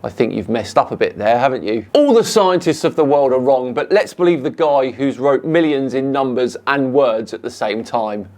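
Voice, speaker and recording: A man with a British accent, calmly and sarcastically answering viewer comments as a channel host. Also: medium pitch, normal speed, few pauses. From United Kingdom. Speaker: YouTube science debunker host.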